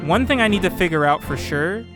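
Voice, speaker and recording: A man records casual let's play commentary, reasoning out loud in loose, rambling sentences full of fillers. His voice sits a little high, with music playing clearly behind it. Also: expressive, fairly quick. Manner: thinking aloud, rambling with fillers and restarts. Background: background music.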